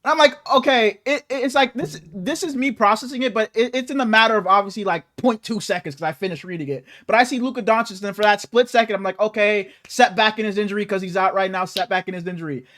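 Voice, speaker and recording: A man co-hosting a sports podcast, telling an excitable story full of swearing and quick restarts. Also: sits high. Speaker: podcast co-host. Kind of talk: casual sports podcast chat.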